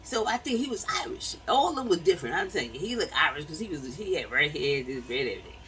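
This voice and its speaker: Animated woman telling a story. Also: sits low, fast talker, far from the mic, a little hiss or hum, rough recording. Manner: animated, repeats words, acts out quotes. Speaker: vlogger. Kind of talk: casual storytelling to viewers.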